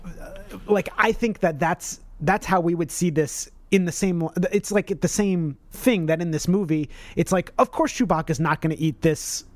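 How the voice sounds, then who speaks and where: A man's voice: sits high, moderate pace, darkish tone, dry recording. Guy cohosting a podcast, rambly, keeps restarting his sentences, dry close mic sound. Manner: rambling, many restarts and self-corrections. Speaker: podcast co-host. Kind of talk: casual podcast chat.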